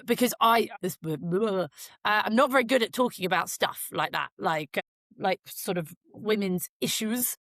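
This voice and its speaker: A woman's voice: fairly high pitch, a bit bright, dry recording. A middle-aged woman from Britain, a broadcaster talking as a podcast guest in a candid, rambling way, swearing and joking. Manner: frank and jokey, swears, rambling tangents. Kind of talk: candid conversational interview.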